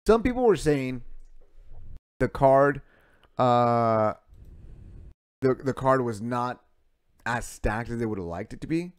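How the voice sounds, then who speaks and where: A man co-hosting a casual sports podcast, who talks excitably and swears a lot. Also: medium pitch, takes it slowly, long pauses, smooth. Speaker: podcast co-host.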